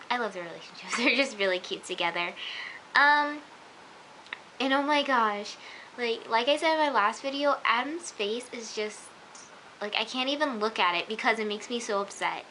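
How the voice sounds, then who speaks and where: A young woman talks through a TV episode in a casual, gushing vlog. Her voice sits fairly high and sounds bright and crisp. She leans hard on "like" and "oh my gosh," and a faint hiss runs under the recording. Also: normal speed, low-quality recording. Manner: gushing, chatty, many "like" and "oh my gosh". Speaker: vlogger.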